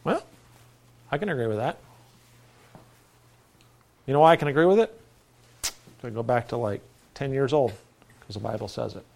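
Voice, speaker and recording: A man's voice: medium pitch, animated, normal speed, gravelly, long pauses, darkish tone. A middle-aged male pastor preaching a folksy, conversational sermon with self-deprecating asides.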